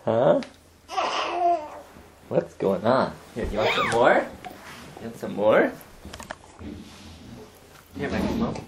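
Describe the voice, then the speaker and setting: A man's voice: mid-range voice, wildly swooping pitch, slow pace, pauses often, background noise. A man filming his toddler at home, coaxing the child in a sing-song way in a casual home video.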